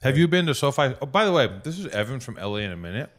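A man's voice: mid-range voice, sing-song, very fast, fairly bright tone. A man hosting a podcast, telling rambling, profane stories in casual chat. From Los Angeles. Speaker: podcast host.

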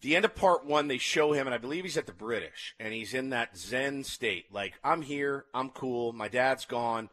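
A man co-hosting a casual chat, retelling a documentary with animated storytelling and acted-out quotes. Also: medium pitch, moderate pace, few pauses. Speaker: podcast co-host.

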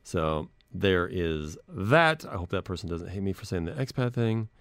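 A man's voice: low voice, expressive, normal speed, no room sound. A man hosting a podcast in casual chat, rambling and self-deprecating as he reads messages aloud. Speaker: podcast host.

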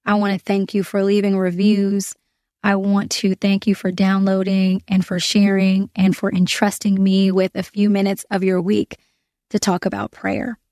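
A woman hosts a prayer podcast in an earnest, heartfelt way, pausing on fillers and restarting her sentences. Her voice sits in a middle pitch range. The sound is dry and close, with no room echo. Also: monotone, a little mellow. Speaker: podcast host. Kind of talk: prayer podcast, spoken prayer and reflection.

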